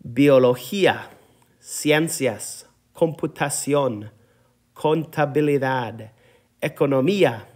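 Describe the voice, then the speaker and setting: A man teaching a Spanish class in a recorded lesson, steadily reading out vocabulary words and explaining their accents. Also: medium pitch. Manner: steady, patient, reads word lists aloud and explains accents.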